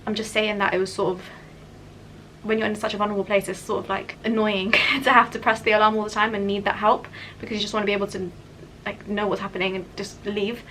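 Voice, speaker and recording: Bright-voiced young woman vlogger. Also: medium pitch, flat delivery, fast talker, slight background noise, rough recording. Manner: candid, chatty, many "like" fillers. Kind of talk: casual personal storytelling.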